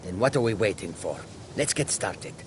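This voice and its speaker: A man's voice: fairly low pitch, expressive, moderate pace, background noise, natural voice. An actor voicing a proud, boastful male cat-person mage who talks about himself in the third person. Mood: eager. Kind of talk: video game voice acting.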